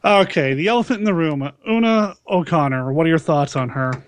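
A man's voice: fairly high pitch, a little fast. A man hosting a podcast, chatting casually and enthusiastically, often laughing. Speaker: podcast host. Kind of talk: casual chat.

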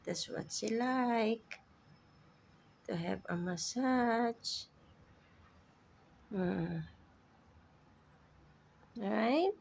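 Slow, gravelly woman coaxing her pet. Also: fairly high pitch, a little mellow. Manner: coaxing, baby-talk to a pet. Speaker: vlogger. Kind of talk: casual vlog talking to a pet bird. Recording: noisy home recording.

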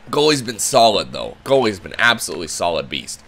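Excitable bright-voiced gamer man. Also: deep voice, brisk, hardly any pauses. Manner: excitable, swears and shouts at the game. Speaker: gaming channel host. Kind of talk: let's-play commentary.

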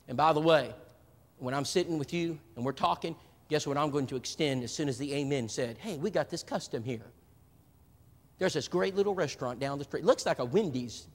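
A man preaching at a church seminar, telling stories and acting out the people in them. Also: on the high side. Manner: animated storyteller, voices other people in his stories. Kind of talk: seminar talk with acted-out anecdotes. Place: church hall. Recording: live stream with a long hall reverb.

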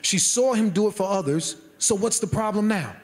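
A man's voice: sits high, normal speed. A man, a church elder, preaching a sermon in a fervent, emphatic way, driving points home with repetition.

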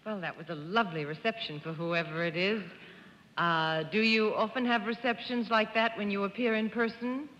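A woman's voice: mid-range voice, fairly even intonation, normal speed, fairly bright tone, big-room sound. A woman on a 1950s television game show panel, asking questions in a teasing, laughing way. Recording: 1950s TV broadcast, dull with clear hiss.

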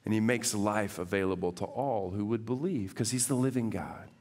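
Give me a man preaching a sermon, animated, shifting from loud to soft. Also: fairly low pitch, normal speed, big-room sound. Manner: animated, swings from loud to hushed. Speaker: pastor. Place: church sanctuary.

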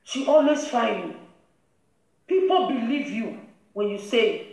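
A woman's voice: fairly high pitch, lively intonation, unhurried, vocal fry, a little mellow. A woman with a Nigerian Pidgin English accent, hosting a live-stream commentary and lecturing another woman in a scolding, preachy way. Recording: very echoey room.

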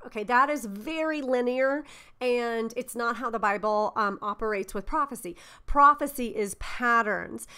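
A woman leading a Bible study in an earnest, conversational way, often checking in with "right?" and filling pauses with "um.". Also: a little high, bright, forceful tone, smooth. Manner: informal with frequent "um".

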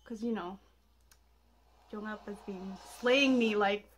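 A woman's voice: medium pitch, slow. A young woman reacting to music video trailers, gushing and swearing, with sudden shrieks between muttered asides. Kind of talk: excited reaction commentary.

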